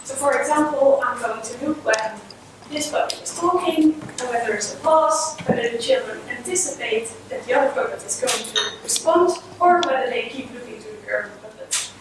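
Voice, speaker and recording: Woman researcher, high voice, explanatory conference talk; distant mic, noisy hall. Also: moderate pace. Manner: explanatory, steady lecturing. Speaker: child language researcher. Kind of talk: conference presentation.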